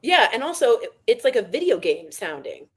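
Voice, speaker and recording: A woman's voice: fairly high pitch, sing-song, husky. A woman co-hosting a comedic news podcast, candid and sarcastic in casual chat. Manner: candid, sarcastic, quick to laugh. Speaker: podcast co-host.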